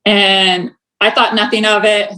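A woman's voice: medium pitch, level tone, measured pace, sharp tone, poor audio. A young woman telling a personal story in casual chat, laughing often and filling her talk with "like". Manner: chatty, laughs often, many "like" fillers.

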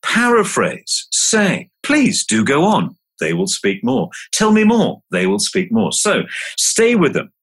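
A man on a podcast as a guest communication trainer, speaking slowly and emphatically as he coaches and guides a hypnosis. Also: on the high side, huge pitch swings, a bit bright, breathy edge. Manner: slow, emphatic, coaching delivery.

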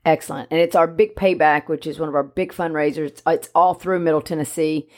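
A woman co-hosting a casual podcast chat, animated and jokey. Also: low voice, fairly quick. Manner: animated, jokey, speaks for the dog in mock voices. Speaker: podcast co-host, dog trainer.

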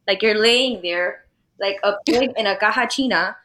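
A young woman, a podcast guest, telling a personal story in casual chat, blunt and animated, full of "like" and acted-out quotes. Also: medium pitch, moderate pace. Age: young adult. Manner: blunt, animated storytelling, fillers of 'like', acts out quoted voices.

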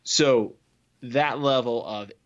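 A man, a former farrier, candidly telling his story as an interview guest, earnest and halting with frequent restarts. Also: mid-range voice. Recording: slightly dull lo-fi audio.

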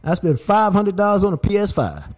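A man's voice: high-pitched, a little fast. A man hosting a podcast, telling stories in an emphatic, worked-up way. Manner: animated, emphatic storyteller who gets worked up. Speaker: podcast host. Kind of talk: casual podcast chat.

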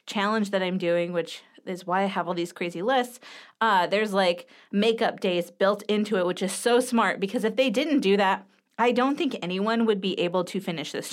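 A woman in her thirties hosting her own podcast, talking casually and candidly straight to her listeners with plenty of fillers. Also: medium pitch. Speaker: podcast host. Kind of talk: casual solo podcast talk.

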